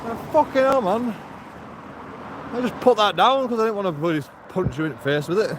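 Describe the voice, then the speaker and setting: A man's voice: high voice, fairly quick. A man chatting casually as he walks a city street, rambling, swearing and laughing often. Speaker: street vlogger. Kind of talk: casual walking commentary. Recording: loud traffic noise outdoors.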